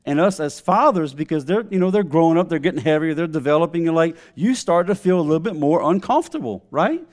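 Man preaching a sermon, slightly high voice. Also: lively intonation, quick pace, a little mellow. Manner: storytelling with call-outs to the congregation. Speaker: pastor.

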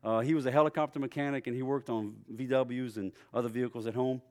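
A middle-aged man preaching a sermon in a conversational storytelling way, with lively swings in his voice. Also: mid-range voice, fast. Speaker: pastor.

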